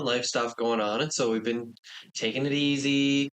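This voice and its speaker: A man's voice: mid-range voice, fairly even intonation, moderate pace, a bit bright. A young man co-hosting a casual podcast, easygoing and self-deprecating. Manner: easygoing, self-deprecating, nervous about spooky topics. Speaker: podcast co-host.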